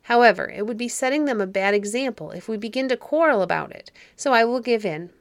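A woman's voice: fairly high pitch, lively intonation, fast talker, no echo. A woman voicing a courteous little male bird who gives way to his brother. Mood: gracious. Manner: gentle, yielding. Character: polite thoughtful male bird.

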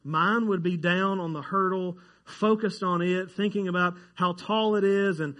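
Animated preacher with a higher voice. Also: male voice, unhurried, hardly any pauses. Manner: conversational, jokes with the congregation, gets animated over surprising facts. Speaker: pastor. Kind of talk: sermon. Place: church sanctuary.

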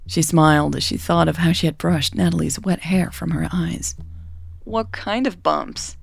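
Romance audiobook narrator, woman, deep and slightly creaky, calm and steady. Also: normal speed, no room sound.

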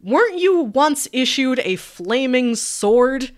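A woman's voice: high voice, sing-song, takes it slowly, pitched above the performer's own voice, heavily acted. A woman voicing a brusque, officious male guard at heaven's front desk.

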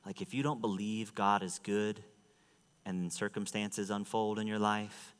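A man preaching a sermon to a church, rising to loud, high fervent stretches and dropping to quiet asides. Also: fairly even intonation, a little slow, clear, resonant tone. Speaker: pastor. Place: church sanctuary. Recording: long hall reverb.

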